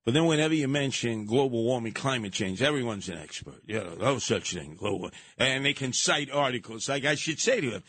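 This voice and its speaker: A man's voice: mid-range voice, animated, fairly quick, few pauses, a bit bright, husky, no room sound. A man hosting a call-in radio show, rambling and sarcastic with combative asides. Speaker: radio talk show host. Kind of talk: call-in talk radio monologue. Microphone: studio mic, dry.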